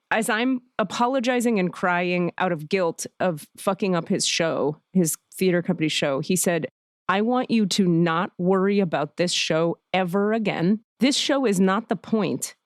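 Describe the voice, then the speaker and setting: A woman's voice: medium pitch, no room sound, clean studio sound. A woman podcast host telling a personal story candidly and with feeling, with many restarts. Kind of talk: casual podcast chat.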